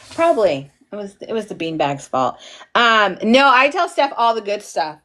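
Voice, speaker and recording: With a medium-pitched, animated voice that is bright and forceful at a measured pace, a tired instructor in her 40s chats with her livestream audience. She's goofy and giggly, laughing often and greeting viewers by name.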